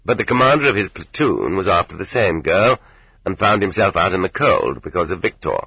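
A man narrating an audiobook in measured, even storytelling. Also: sits low, gravelly, breathy edge, no room sound, highs cut off. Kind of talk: scripted narration.

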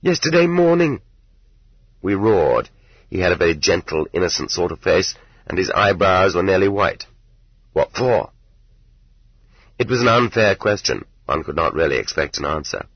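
A man narrating an audiobook in measured, even storytelling. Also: low voice, husky, no echo, lo-fi sound. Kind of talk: scripted narration.

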